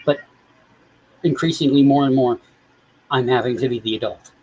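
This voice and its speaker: A man's voice: medium pitch, moderate pace, darkish tone, slightly rough, poor audio. A man chatting casually on a live stream, rambling and swearing freely as he talks to viewers. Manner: rambling and profane.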